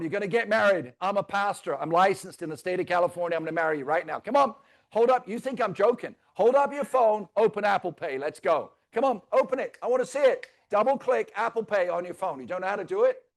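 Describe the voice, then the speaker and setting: Brief: male trainer, high voice, theatrical and teasing with the crowd, onstage. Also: fast talker, vocal fry. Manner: theatrical, teasing, swings loud and soft. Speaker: real estate trainer. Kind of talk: live training talk to an audience. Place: stage before a live audience.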